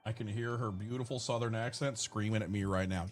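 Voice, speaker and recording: A gaming streamer chats profanely and jokingly with his viewers and his characters during casual let's-play commentary. His voice is lowish and fairly even, a little fast, with faint music behind.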